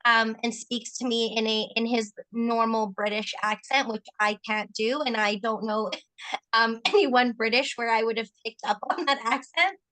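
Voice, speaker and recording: A woman with a bright, forceful voice that sits a bit high for a woman. She talks casually and tells stories with plenty of "like" and "right?", checking in with her listener as she goes. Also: steady tone, moderate pace. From Canada. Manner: chatty, storytelling, frequent 'like' and 'right?'. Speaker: co-host asking questions. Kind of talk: casual conversation.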